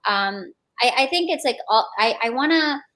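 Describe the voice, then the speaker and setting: Young female interview guest, casual and reflective, lots of fillers, brightish pitch. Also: expressive, moderate pace. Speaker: guest, aspiring action actress. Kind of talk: radio interview.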